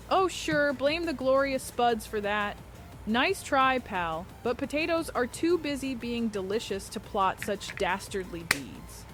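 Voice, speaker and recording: A text-to-speech woman's voice with a Minnesotan accent delivers chirpy, folksy, over-the-top replies. She sits a little high in pitch. Soft music plays faintly underneath. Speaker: AI chat voice answering viewer questions.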